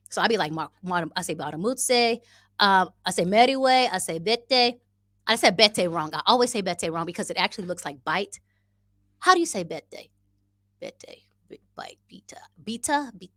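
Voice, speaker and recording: A woman's voice: fairly low pitch, a bit bright, no room sound, clean studio sound. A woman vlogging in a casual, playful way, talking to her viewers and trying out new words. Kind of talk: casual vlog chat. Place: living abroad in East Africa.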